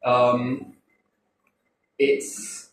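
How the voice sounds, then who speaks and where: A man hosting a casual chat, rambling and swearing now and then, often checking in with a quick "yes?". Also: mid-range voice, monotone, a bit bright. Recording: echoey room, faint noise.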